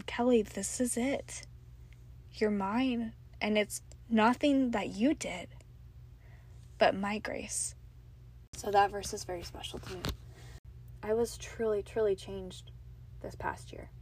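Husky and a little mellow, a mid-range woman's voice shares an earnest, emotional faith testimony in a confiding tone. She's in her thirties, hosting her own podcast from a home closet with a podcast mic resting on a box.

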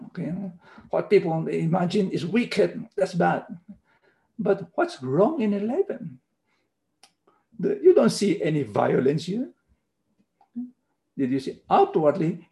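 A man teaches a sermon in a slow, deliberate way, stopping often to stress words and check in with "okay." His voice is gravelly and dark, and his English has non-native phrasing. He sits a little higher in pitch than most men. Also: lively intonation, poor audio. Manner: slow, emphatic Bible teaching with repeated "okay". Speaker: pastor.

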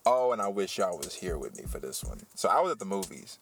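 A man who works as a teacher, hosting a casual podcast chat and telling a story with animated, heated energy. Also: low-pitched, fast talker, a little hiss or hum. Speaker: podcast host.

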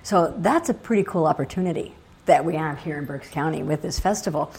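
A woman's voice: deep voice, brisk, a little mellow. A woman interviewing a festival volunteer, interested and encouraging.

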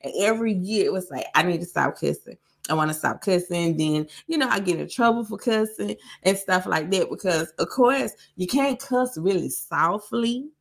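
A big-voiced woman in her thirties speaks with a South Carolina Southern accent. She tells stories in loose podcast chat. Her delivery is animated and emphatic, and she hammers home her lines by repeating them. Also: lowish voice, normal speed, creaky. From Greenwood, South Carolina. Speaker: podcast co-host. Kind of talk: casual chat, storytelling.

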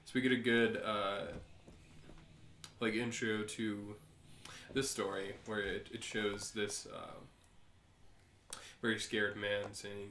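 Low-voiced man in an echoey room. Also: level tone, slow, pauses often, fairly bright tone, a little hiss or hum. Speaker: podcast co-host. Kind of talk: casual chat, summarizing comic.

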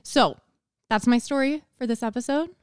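A woman's voice: fairly high pitch, moderate pace, clean tone, no room sound, clean studio sound. Earnest chatty woman podcast host. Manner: earnest, chatty, acts out her own inner voice. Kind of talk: motivational solo podcast monologue.

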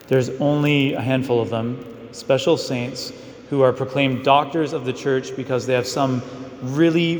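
A man's voice: medium pitch, darkish tone, a little hiss or hum. A male priest giving a casual, story-driven homily, full of fillers as he talks to the congregation. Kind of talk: conversational mission homily. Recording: echoey hall with long reverb.

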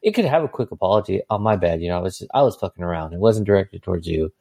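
A podcast co-host giving casual opinions, animated and profane, often laughing. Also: male voice, sits low, rapid-fire, creaky, breathy edge. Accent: Californian. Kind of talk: casual chat.

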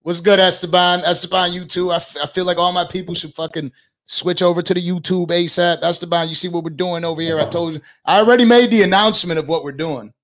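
A young man hosting a casual talk show, loud, joking and full of swearing. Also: high voice, steady tone, quick pace. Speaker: podcast host. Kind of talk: casual chat.

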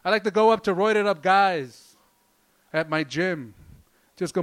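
A man's voice: high-pitched, a little slow, pauses often, a bit bright, clear, resonant tone. A man doing a stand-up comedy set, rambling loosely and swearing constantly. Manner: profane, rambling, loose delivery.

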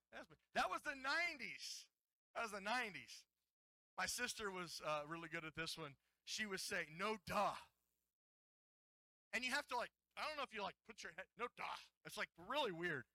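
A playful middle-aged male pastor delivers a sermon, joking and drawing the congregation into call-and-response. His voice sits high and sounds very bright and forceful. The sound is dry and close, with little room echo. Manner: playful, jokey, coaxes audience to join in. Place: church hall.

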